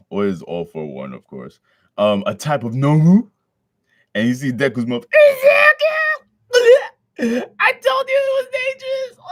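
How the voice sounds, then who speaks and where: A man's voice: fairly low pitch, dry recording, studio quality. A man casually reading a manga chapter aloud, breaking in with slangy, joking commentary. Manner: slangy, joking asides between read lines. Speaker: manga reader.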